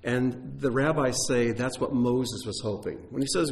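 A man's voice: medium pitch, measured pace, darkish tone. A man teaching on Bible texts, explaining in a conversational way with occasional fillers.

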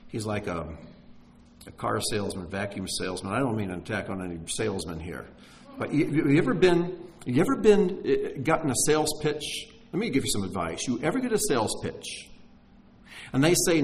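A man preaching a sermon, telling stories with energy and dropping to a hush for emphasis. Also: medium pitch, fairly quick, rough recording. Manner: animated storyteller, drops to a hush for emphasis.

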